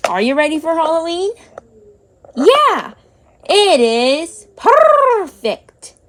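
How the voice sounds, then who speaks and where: A woman narrating a toy play story for children, gasping and drawn out in a sing-song way. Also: high voice.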